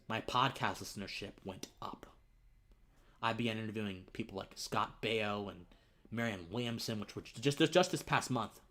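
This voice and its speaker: Earnest young man, halting and emotional. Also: on the low side, pushed and bright. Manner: earnest, halting, repeats words, drops to near-whispers. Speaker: political podcaster and streamer. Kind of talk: emotional live-stream monologue.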